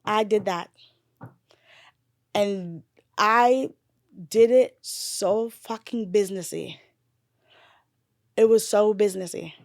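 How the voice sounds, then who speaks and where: With long pauses and a slow, medium-pitched delivery, a woman recalls a painful memory on a candid podcast, recorded at studio quality with no room sound. She is a nurse and a bereaved mother, candid and swearing, her telling drifting from loud to quietly grieving.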